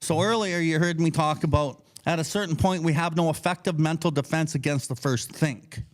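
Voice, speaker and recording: A man's voice: fairly high pitch, moderate pace. A man co-hosting a recovery book study podcast, talking bluntly with lots of swearing and acting out his own thoughts. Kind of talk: casual teaching talk.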